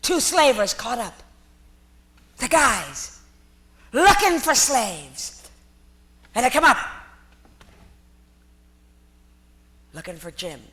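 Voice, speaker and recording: A woman doing an impression of an impassioned old male storyteller who repeats phrases and shouts to make a point. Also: on the high side, very animated, slow pace, long pauses, full character voice. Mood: storytelling. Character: old male storyteller, fiery, rambling, sardonic. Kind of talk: impression performed on stage.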